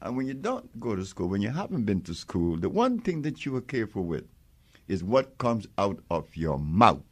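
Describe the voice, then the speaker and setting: An older man in an interview, telling his stories with strong conviction. His pitch swings widely as he acts out both sides of remembered exchanges, and he breaks into laughter along the way. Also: normal speed. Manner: animated storyteller acting out quoted exchanges, emphatic, laughs often. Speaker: interviewee, herbal healer. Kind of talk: conversational interview storytelling.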